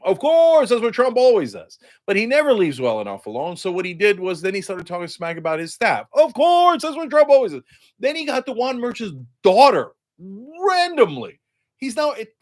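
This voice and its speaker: A man hosting a political commentary show, delivering a mocking, sarcastic monologue. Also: high-pitched.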